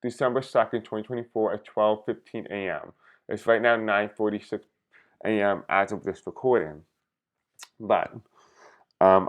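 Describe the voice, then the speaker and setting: Low-voiced man chatting as a tarot reader. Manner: chatty, addresses viewers directly. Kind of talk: casual vlog talk to viewers.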